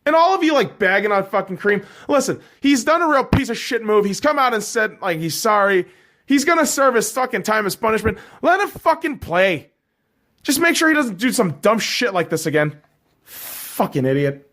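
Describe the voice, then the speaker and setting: A man hosting a sports podcast, ranting about football and basketball with constant swearing, heated and emphatic. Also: a little fast. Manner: heated, swearing constantly, drops low and flat reading scores. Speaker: podcast host. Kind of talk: profane sports rant.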